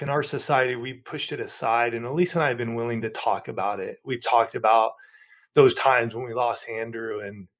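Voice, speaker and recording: A man in his forties talks with earnest emphasis as a podcast guest. His voice is mid-pitched and the audio comes through dull and slightly lo-fi. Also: vocal fry, fairly bright tone. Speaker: guest, marriage coach. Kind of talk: podcast interview.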